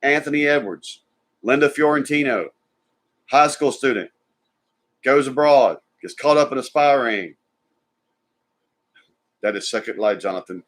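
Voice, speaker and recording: A man's voice: medium pitch, a little slow, pauses often. A man, co-hosting a live stream and chatting casually about movies while reading viewer comments.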